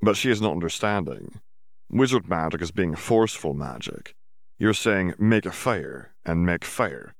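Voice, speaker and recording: Male narrator puts on a gentle male house elf, low and gravelly, quaint grammar, humble and evasive. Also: lively intonation, measured pace, dry recording, studio quality, heavily acted. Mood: earnest. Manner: odd elf grammar, third-person self-reference.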